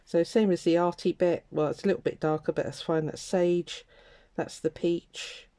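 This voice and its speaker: Low, mellow-voiced woman chatting while crafting. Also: steady tone, moderate pace. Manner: chatty, self-talking, laughing asides. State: rough morning voice. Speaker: craft channel host. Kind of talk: casual crafting chat.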